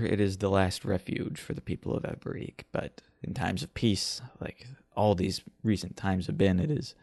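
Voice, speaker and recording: A man runs a tabletop game with a low, gravelly voice. He narrates scenes in a measured, descriptive way. The sound is dry and close. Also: a little mellow, dry recording. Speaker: game master.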